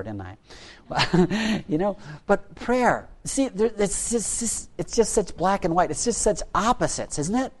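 A man preaching a sermon as pastor, earnest and pleading, firing off rhetorical questions and repeating words, sometimes dropping almost to a hush. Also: high voice.

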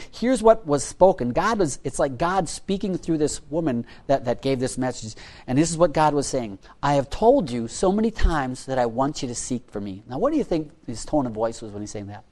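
A man delivers a sermon as pastor, his pitch rising and falling in wide, animated swings. He pleads earnestly and fires off rhetorical questions, repeating key words. He sometimes sinks to a near-hush before building back up.

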